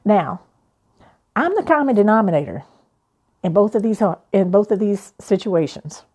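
A young adult woman, a life coach, telling a personal story in an animated, playful way. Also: medium pitch, moderate pace.

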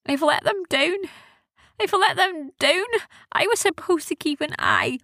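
A woman's voice: very high voice, unhurried, sharp tone, dry recording, studio quality, pitched above the performer's own voice, full character voice. A woman voicing a distraught young female pirate captain who stammers in anguish. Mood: guilty.

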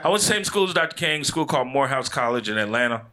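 A young man from Chicago with a Midwestern accent, performing a slangy stand-up comedy set on a club stage, shouting his punchlines. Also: mid-range voice, sing-song, very fast.

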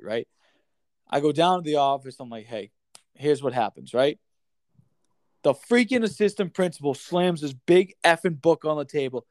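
A man telling a rambling, animated story in casual podcast chat, swearing freely and saying "like" and "dude" a lot. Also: medium pitch, no room sound.

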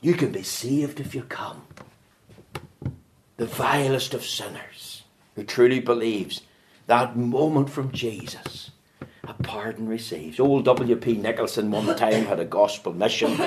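A man preaching a sermon in a church, swinging from loud fervent calls to low hushed asides. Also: unhurried, a little hiss or hum.

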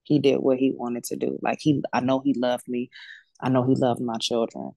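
A woman in her forties, a death doula guest, telling a personal story in a casual, animated and emphatic way. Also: very deep voice, normal speed, creaky, dry recording.

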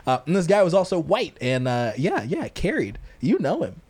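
A young man with a high, bouncing voice that rises and falls a lot as he chats on a podcast. He jokes freely and slips into goofy voices. He grew up in the American South. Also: moderate pace, slightly rough. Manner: animated, joking, puts on silly voices. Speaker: podcast host. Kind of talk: casual podcast chat.

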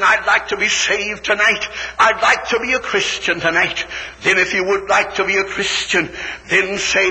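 A fiery preacher man delivers a revival sermon in a high, piercing, gravelly voice. His words build into shouted climaxes and ring out through a long hall echo. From West Virginia, USA. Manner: fervent old-time preaching, rising to shouted climaxes. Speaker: evangelist preacher. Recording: reverberant hall recording.

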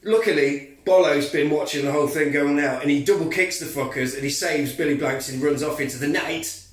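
A man's voice: fairly high pitch, fairly quick, recorded from a distance. A man hosting a podcast, telling a film's plot with energy, swearing and laughing as he goes. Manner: energetic storyteller, swears freely, laughs often. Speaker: podcast host recapping a film. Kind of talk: casual chat, animated plot retelling. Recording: echoey room, off-mic.

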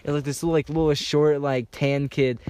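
A man's voice: fairly high pitch, little pitch movement, fairly quick, a little mellow, clear, resonant tone. A young man in casual chat with friends, telling rambling stories and saying "like" a lot. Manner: rambling storyteller, heavy use of "like". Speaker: podcast co-host.

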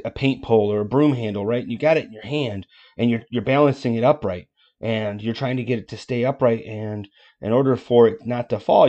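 A man hosting a motivational podcast, talking in a casual, energetic way with folksy asides. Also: medium pitch, dull audio. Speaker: podcast host.

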